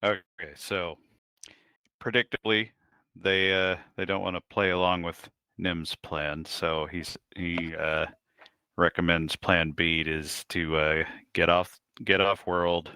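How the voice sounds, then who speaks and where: Deep voiced guy at a tabletop game, bright and smooth, laying things out, dry sound. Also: level tone, takes it slowly, no room sound. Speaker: player.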